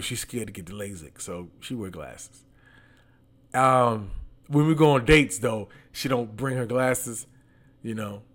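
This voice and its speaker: A man's voice: on the low side, slight background noise. Man with a slight braces lisp. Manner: loose, teasing, profane and candid. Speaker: podcast host. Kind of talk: casual storytelling monologue.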